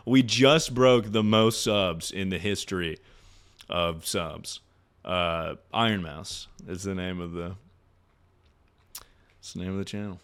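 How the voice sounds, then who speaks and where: A man's voice: lowish voice, fairly bright tone, smooth. Joking, swearing young male streamer. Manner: joking, swearing, rambling with repeated words. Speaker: streamer giving advice to chat. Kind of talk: casual livestream chat.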